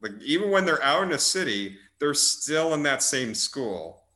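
A young man hosting a casual movie chat in a bright, forward voice. He rambles along in amused tangents, restarting his sentences and piling up filler words as he goes. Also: on the high side, big pitch swings, normal speed. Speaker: podcast host reviewing movies.

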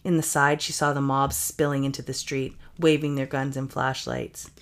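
A woman with a low voice reads a spooky, racy tale aloud for a comedy podcast. She narrates steadily and breaks in with playful jokes of her own. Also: flat delivery, moderate pace. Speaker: podcast co-host reading a story. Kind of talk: comedic story reading with banter.

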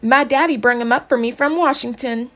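A piercing, whiny little country girl who shrieks and sobs her demands, pitched high above an ordinary speaking voice, as a woman reading the story puts her on. She is a small first grader who is loud, stubborn and quick to tears. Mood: boastful. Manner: shrill, sobbing country-kid talk.

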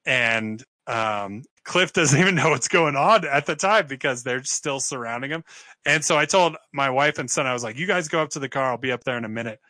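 A man telling a story in casual podcast chat, relaxed, laughing and quoting himself in a lifted voice. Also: medium pitch, brisk, no room sound. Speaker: podcast co-host.

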